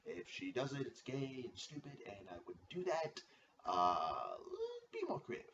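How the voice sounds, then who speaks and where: A man's voice: on the low side, big pitch swings, a little slow, a little hiss or hum. Guy running a fantasy league, ring-announcer style name calls, swears a lot, sounds far off and muffled. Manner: hype-man name announcing, stretched shouted intros and profane rants. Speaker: fantasy football league commissioner.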